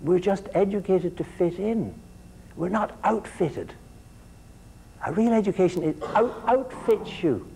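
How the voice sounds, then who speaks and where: Mellow-voiced man lecturing a class. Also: high voice, measured pace, creaky, slight background noise, rough recording. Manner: repeats words as he restarts and quizzes the class. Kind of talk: university lecture.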